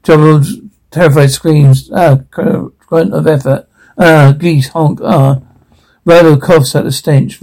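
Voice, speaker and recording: Gravelly-voiced man reading a script aloud. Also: a little high, a little mellow, low-quality recording. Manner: halting read with frequent restarts. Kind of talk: reading a drama script aloud, sound cues included.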